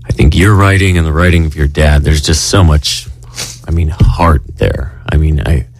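A man's voice: rumbling low, fairly even intonation, normal speed, dry recording, clean studio sound, soft background music. A man interviewing an author, talking in a loose, rambling way full of "you know". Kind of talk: interview conversation.

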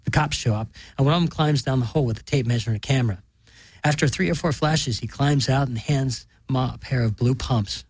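A man reading a story aloud in a deadpan, matter-of-fact way. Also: medium pitch, fairly quick, slightly rough, dry recording. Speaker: narrator.

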